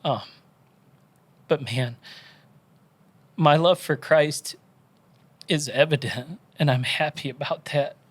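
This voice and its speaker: A man's voice: a little high, slow, long pauses. Tearful man telling his faith story. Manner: earnest, animated storytelling with quoted inner voices. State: tearful, crying. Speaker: podcast guest.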